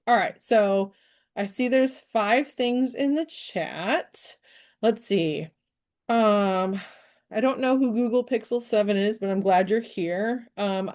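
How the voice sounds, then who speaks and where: A woman hosts a live-stream business training. Her pitch sits mid-range for a woman. She talks in a chatty, animated way, full of fillers. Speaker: network marketing trainer.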